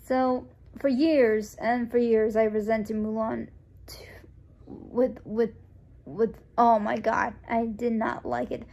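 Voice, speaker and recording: A woman's voice: on the high side, slow pace, lo-fi sound. A young woman raised in the United States, telling a personal story in a casual, rambling way, full of restarts and fillers, and acting out the lines of the people in it. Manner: acts out quoted dialogue in a lively voice. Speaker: vlogger.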